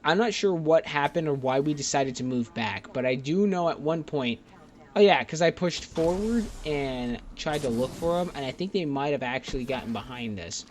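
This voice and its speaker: A man's voice: a little high, animated, normal speed. Laid-back young man over game gunfire. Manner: rambling, profane, laid-back. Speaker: gaming YouTuber. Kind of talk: casual commentary over gameplay clips. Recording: game gunfire noise underneath. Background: game gunfire and clicks.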